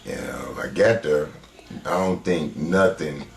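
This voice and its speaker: Very deep-voiced man, rambling and emphatic. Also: takes it slowly. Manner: rambling, emphatic, searching for words. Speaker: interviewee, cousin of the victim. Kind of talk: documentary interview. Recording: roomy echo.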